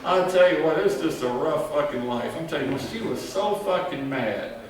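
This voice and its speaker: A man's voice: on the high side, expressive, normal speed. A man doing a crude, rambling stand-up monologue, swearing a lot and laughing at his own jokes. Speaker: stand-up comedian. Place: live comedy venue. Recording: echoey live room from far off. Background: crowd.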